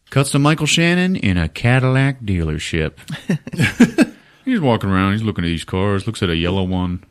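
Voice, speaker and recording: Male podcast host, casual comic movie recap, laughing, swearing, lower voice, lively pitch. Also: moderate pace, smooth. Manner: animated, laughing, swearing freely.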